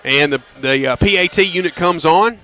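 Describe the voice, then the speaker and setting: A man calling a high school football game on local radio, folksy and prone to loud excited calls on big plays. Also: normal speed, soft background music. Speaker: play-by-play announcer. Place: stadium press box.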